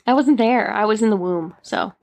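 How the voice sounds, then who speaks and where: A woman's voice: medium pitch, moderate pace, vocal fry, a little mellow. A woman in casual chat, telling stories and acting out her own reactions. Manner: chatty storyteller, acts out her own reactions.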